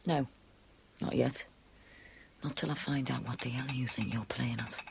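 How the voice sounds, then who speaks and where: An actress playing a sharp, sarcastic, suspicious woman, in a TV drama. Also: low voice, lively intonation, moderate pace, slight background noise.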